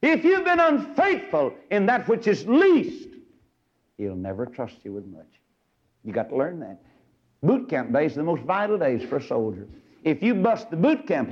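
Folksy man preaching a radio sermon. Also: husky. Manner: folksy storytelling, swinging from low murmurs to shouting peaks. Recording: dull lo-fi radio recording.

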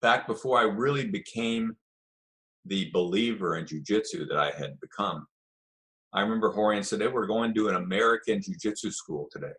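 A middle-aged man telling a story in a relaxed, chatty way, acting out the voices of the people in it. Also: on the low side, moderate pace. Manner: animated storyteller, acts out quoted voices. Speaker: guest telling stories of early jiu-jitsu. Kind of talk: casual storytelling.

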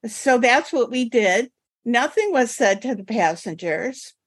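A woman's voice: on the high side, expressive, measured pace, breathy edge, no echo. An older woman, a former flight attendant, recounting a story as an interview guest in a matter-of-fact way.

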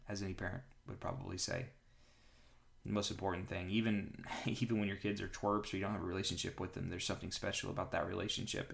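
A man hosting a Bible reading podcast, reading scripture aloud in an earnest way and pausing for reflective asides with gentle fillers. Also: low-pitched, gravelly.

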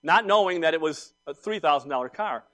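A man in his fifties preaching a sermon, telling personal stories in an animated, emphatic way that swings from quiet asides to loud outbursts. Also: fairly high pitch, fairly quick. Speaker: pastor.

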